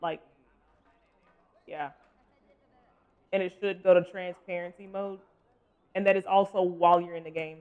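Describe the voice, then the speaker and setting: A man streams a role-playing game, rambling, joking and chatting with his viewers in casual livestream commentary. His voice is high and smooth with little pitch movement, a little slow with long pauses, and the sound is phone quality.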